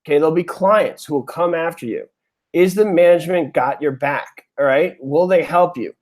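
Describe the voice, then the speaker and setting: A man from New York hosts a live webinar, speaking into a desk mic in a slightly high voice. He is chatty and emotional and keeps calling his viewers "you guys". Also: normal speed, a little mellow. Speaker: webinar host.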